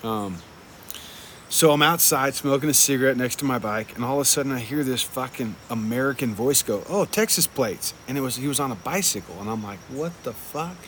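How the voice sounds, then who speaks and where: A man's voice: mid-range voice, fairly quick, a bit bright, a little hiss or hum. Laid-back swearing young man telling a travel story. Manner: laid-back, heavy swearing, lots of "like" and "dude". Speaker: traveling motorcycle vlogger. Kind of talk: casual rambling travel storytelling.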